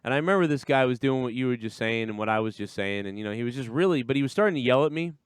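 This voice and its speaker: A man's voice: mid-range voice, expressive, very fast, smooth, no echo, studio quality. A man hosting a podcast in casual chat, joking and incredulous, often laughing. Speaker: podcast host.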